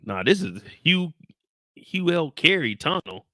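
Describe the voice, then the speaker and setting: Young guy streaming, swears a lot, bright and lively. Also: on the high side, unhurried, dry recording, studio quality. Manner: animated, exasperated, swears freely, talks to chat. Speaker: show reaction streamer. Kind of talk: casual livestream chat with viewers.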